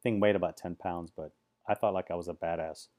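A man's voice: low voice, fairly even intonation, fairly quick, mellow. A man, giving chatty, sarcastic vlog commentary full of rambling asides. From Silicon Valley, USA. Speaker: vlogger.

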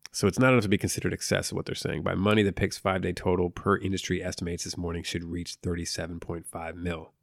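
A man with a low, gravelly voice talks through a movie review in a loose, rambling way. He swears freely and drifts into jokey asides. The sound is dry and close, with no room around it. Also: level tone, fast, few pauses, no echo. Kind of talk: casual spoken movie review.

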